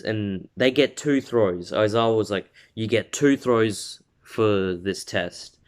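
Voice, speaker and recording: Lowish-voiced man rambling through a fan story. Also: clear, resonant tone. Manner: rambling with fillers and laughs, acts out quotes. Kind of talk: casual spoken story retelling.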